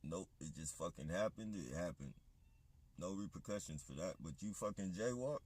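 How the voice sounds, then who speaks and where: A man's voice: low voice, expressive, normal speed, a little mellow, husky. A man on a livestream, ranting in a heated, profane, rambling monologue. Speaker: livestream host.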